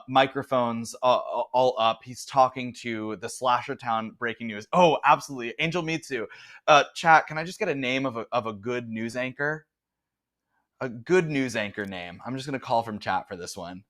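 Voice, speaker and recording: A male game master narrates a tabletop horror session at a middle pitch. He improvises freely and rambles between details. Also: normal speed, fairly bright tone. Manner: rambling, improvising with fillers and laughs.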